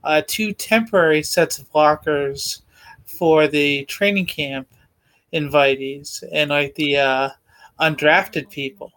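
A man co-hosting a casual sports podcast, explaining things in a relaxed way with fillers. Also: a little high, slow. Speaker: podcast co-host.

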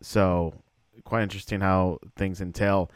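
Man interviewing with a smooth dry voice. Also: deep voice, little pitch movement, a little slow, dry recording. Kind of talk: interview questions. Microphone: video call.

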